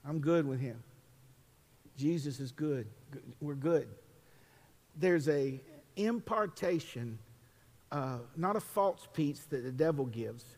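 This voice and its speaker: A man preaching a sermon, building from conversational teaching to impassioned, high-pitched preaching. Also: a little mellow. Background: music.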